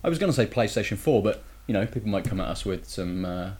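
Brief: male podcast host, fairly deep, loose banter with tag questions. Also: expressive, quick pace, darkish tone. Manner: chatty, teasing, leans on tag questions. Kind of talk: casual gaming podcast chat.

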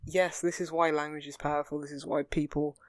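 A young adult chats on a podcast at a middling pitch. The talk rambles earnestly, looping through fillers and restarts. The sound is dry and close. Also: flat delivery, brisk, dry recording. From England. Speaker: podcast co-host. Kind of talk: casual chat.

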